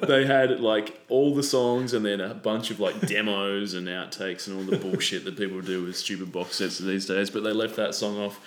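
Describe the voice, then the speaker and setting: A man co-hosting a casual music podcast, relaxed and hesitant with dry jokes, from Australia. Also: on the low side, moderate pace, few pauses. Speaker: podcast co-host. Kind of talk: casual chat about music. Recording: roomy echo.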